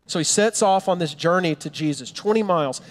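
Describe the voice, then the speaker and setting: Animated male preacher in a big hall. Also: high-pitched, a little fast. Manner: animated storytelling, acting out the characters' lines. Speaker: pastor. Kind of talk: sermon.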